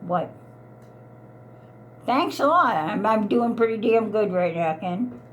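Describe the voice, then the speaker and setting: A woman's voice: mid-range voice, lively intonation, slow, a little hiss or hum. Upset woman in her eighties. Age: 80s. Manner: upset, pleading and repetitive. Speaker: elderly mother. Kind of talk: heated family argument.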